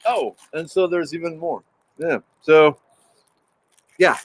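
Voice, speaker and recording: A man's voice: on the high side, slow. A man hosting a casual livestream, rambling with frequent restarts and greeting viewers in the chat by name. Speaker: livestream host.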